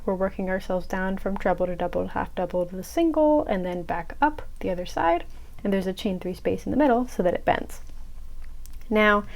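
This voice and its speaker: In poor audio, a young woman explains a crochet pattern step by step in a casual tutorial. She is chatty, tosses in self-mocking asides, and slips into a whisper when muttering to herself. Her mid-range voice has a darkish tone.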